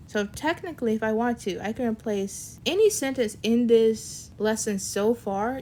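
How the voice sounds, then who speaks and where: A woman teaching a casual online language lesson. She explains step by step, checks in with "right?", and switches between quick sample sentences and slow explanation. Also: medium pitch, darkish tone, a little hiss or hum.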